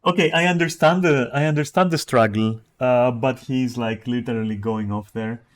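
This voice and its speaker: A man's voice: medium pitch, moderate pace. A man streaming live, reading chat messages aloud and reacting with profane, mocking commentary.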